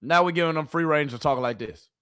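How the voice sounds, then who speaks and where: A woman streamer giving casual, animated sports commentary, full of rhetorical questions and slang. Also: low-pitched, fast talker, smooth.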